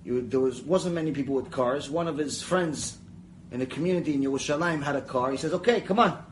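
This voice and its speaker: Lecturing on Mussar, a man teaches Torah through lively stories, voicing each character and slipping into conversational tangents. He talks fast in a mid-range voice, and the audio is poor with slight background noise.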